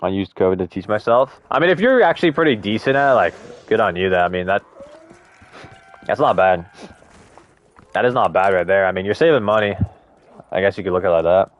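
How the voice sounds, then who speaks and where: A man's voice: low-pitched, brisk, pauses often, lo-fi sound. Laid-back young man streaming, slangy. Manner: laid-back slangy banter, swears freely. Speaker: live-streamer. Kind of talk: casual gaming stream chat.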